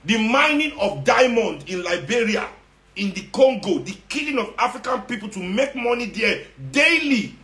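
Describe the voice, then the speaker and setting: A man's voice: high-pitched, sing-song, normal speed, bright, forceful tone. A man with a Nigerian accent delivering an impassioned, sarcastic monologue to his online followers. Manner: ranting, sarcastic, mixes Nigerian Pidgin. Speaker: social media commentator. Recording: echoey room.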